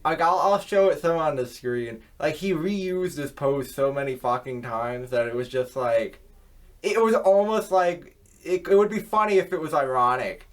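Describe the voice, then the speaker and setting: A man's voice: on the high side, moderate pace. A young man, a YouTuber, ranting to camera in a rambling, scornful way and swearing constantly. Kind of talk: profane rant to camera.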